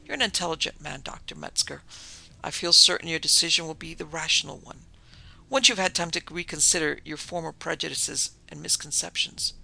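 A man reading the part of a smooth, domineering older doctor who leads a secret order, speaking in a coolly persuasive way. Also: fairly high pitch, fairly even intonation, fairly quick, sharp tone, exaggerated voice, low-quality recording.

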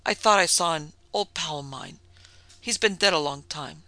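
A man's voice: fairly high pitch, moderate pace, sharp tone, dry recording. A man voicing a stammering terrified convict. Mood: evasive. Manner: stammering, teeth-chattering pleading.

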